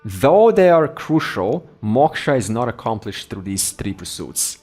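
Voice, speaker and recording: A man giving a spiritual teaching in a relaxed, conversational voice, sitting slightly low in pitch. He slows down to dwell on key words, then drops into soft, quiet voices when he acts out the mind talking to itself. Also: soft background music. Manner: repeats words slowly for emphasis. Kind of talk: teaching talk.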